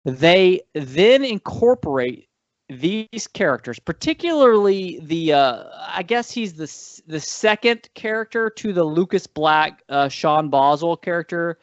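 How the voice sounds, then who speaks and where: Animated rambling man, lively pitch. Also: unhurried, dry recording. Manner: rambling, animated, frequent self-corrections and laughs. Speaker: podcast co-host. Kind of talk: casual movie-review chat. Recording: dull lo-fi dry sound.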